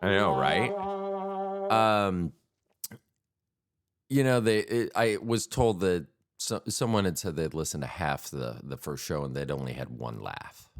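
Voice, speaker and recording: A man's voice: low-pitched, animated, unhurried. A man hosting a podcast in a casual comic monologue, rambling, self-deprecating and crude. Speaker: podcast host. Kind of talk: casual solo comedic monologue.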